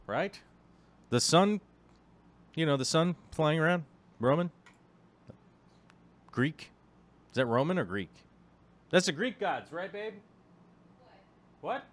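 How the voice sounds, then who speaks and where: A man's voice: on the high side, very animated, slow, long pauses. A man vlogging casually about his hobby, rambling with many filler ums and chatty asides to the viewer. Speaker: aquarium vlogger. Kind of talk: casual vlog chat.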